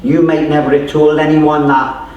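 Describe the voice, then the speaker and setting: A man's voice: on the high side, level tone, moderate pace, muffled recording. A man with a Geordie accent giving a chatty, informal testimony sermon, telling stories and acting out voices. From North East England. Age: 30s or older. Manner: chatty storytelling, acts out voices, many fillers. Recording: echoey room, distant mic.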